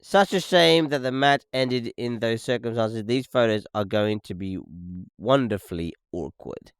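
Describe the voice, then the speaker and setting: A young man hosts a casual podcast and reacts to clips in a loose, profane rant. His voice sits at an ordinary middle pitch and sounds dry and close, with no room around it. He keeps telling the listener to look and keeps asking "okay?". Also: measured pace, smooth, no echo. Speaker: podcast host. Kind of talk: casual commentary over video clips.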